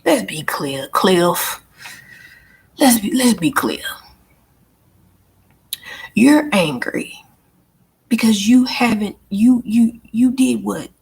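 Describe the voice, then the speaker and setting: A woman's voice: mid-range voice, expressive, takes it slowly, creaky, long pauses, darkish tone, slightly rough. A woman hosting her own channel, venting bluntly and emphatically in a casual monologue, often swearing and repeating herself. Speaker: channel host and life coach.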